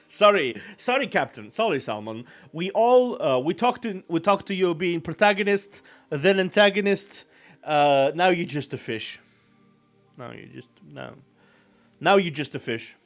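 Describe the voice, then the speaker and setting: Rambling, apologetic man streamer, higher voice. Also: lively intonation, measured pace, faint music behind. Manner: rambling, self-deprecating, often apologizing. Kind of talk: casual live-stream chat.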